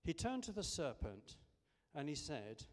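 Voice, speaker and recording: A man's voice: a little high, sing-song, a little slow. Chatty preacher man in an echoey hall. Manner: conversational, with frequent ums and restarts. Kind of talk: sermon. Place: church service.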